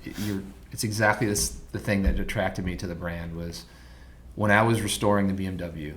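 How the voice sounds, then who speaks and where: Low-voiced Midwestern man telling stories. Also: fairly quick. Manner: animated storyteller, acts out quotes loudly. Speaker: podcast guest, motorcycle designer. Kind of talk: casual storytelling chat.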